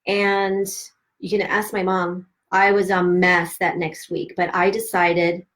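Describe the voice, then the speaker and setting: A middle-aged woman hosting a live stream, candidly telling a painful personal story with emphatic, swearing, animated delivery and quoted dialogue. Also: on the low side, slow pace. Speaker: host of a self-help live stream.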